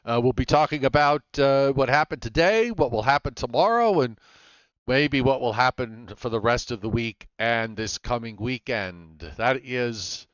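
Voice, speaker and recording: A man's voice: medium pitch, measured pace, clear, resonant tone, dry recording, muffled recording. Guy hosting a live weather chat, lots of uhs, dry close sound. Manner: relaxed, many "uh" fillers. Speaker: weather show host.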